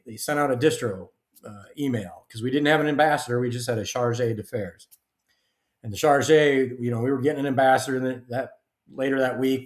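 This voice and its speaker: A middle-aged man, a guest author and retired army officer, telling stories in a lively, casual way. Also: medium pitch. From United States. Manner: animated storyteller, acts out dialogue. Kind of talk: casual storytelling interview. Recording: roomy echo.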